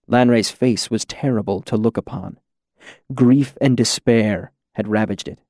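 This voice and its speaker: Male audiobook narrator, unhurried and even, mid-pitched, dry studio sound. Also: dry recording. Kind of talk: scripted fantasy narration.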